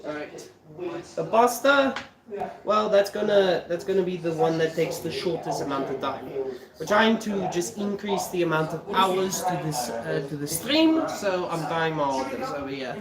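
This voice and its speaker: A man's voice: fairly high pitch, animated, normal speed, reverberant, crowd noise. A man from South Africa chatting casually on a livestream while he cooks in his kitchen, swearing freely as he talks. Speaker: streamer cooking.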